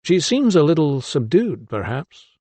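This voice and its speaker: A man voicing a young anatomist in an audiobook, giving polite, measured replies to his elders. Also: on the high side, very animated, dark tone, breathy edge, dry recording, voice pushed up, full character voice. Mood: respectful. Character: young male anatomist, earnest, respectful, guarded.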